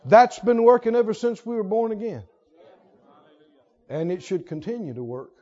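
A man's voice: sits high, big pitch swings, moderate pace, mellow, big-room sound. A man preaching a sermon, emphatic and laughing often as he asks the congregation questions. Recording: dull lo-fi recording.

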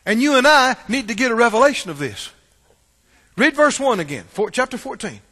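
High-pitched pastor preaching, loud then quiet, long church reverb. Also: male voice, very animated, a little fast. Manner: call-and-response preaching, swings from loud to hushed. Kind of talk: sermon. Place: church sanctuary. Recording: long reverb of a large hall.

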